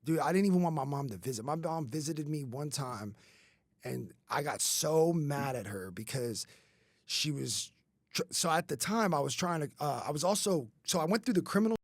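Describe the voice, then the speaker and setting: A man's voice: fairly high pitch, animated, normal speed, no echo. A man in his thirties telling his life story on a podcast, casual and rambling, with many fillers and swearing. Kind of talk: candid conversational storytelling.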